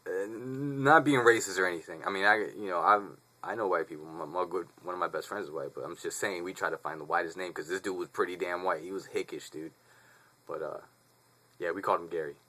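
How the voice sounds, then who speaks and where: A man's voice: deep voice, quick pace, bright, forceful tone. A man in his twenties casually telling a story to the camera, rambling, profane and slangy. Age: 20s. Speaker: vlogger.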